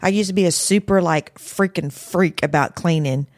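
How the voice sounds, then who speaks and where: A woman's voice: fairly low pitch, normal speed, a little mellow, no room sound. Laughing woman, dry close sound. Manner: laughs often, talks over the host. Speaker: podcast guest. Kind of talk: casual chat.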